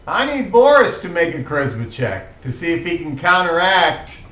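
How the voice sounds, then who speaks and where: Lively high-voiced game master. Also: male voice, a little hiss or hum. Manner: lively, slow storytelling with fillers. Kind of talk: narrating a tabletop game. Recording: roomy, distant mic, faint music.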